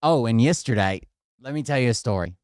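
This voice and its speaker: Rambling, profane man with a smooth voice. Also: mid-range voice, lively intonation, fairly quick, no room sound, clean studio sound. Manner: rambling and profane, addresses viewers directly. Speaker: vlogger. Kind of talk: casual storytelling to viewers. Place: indoors at his home.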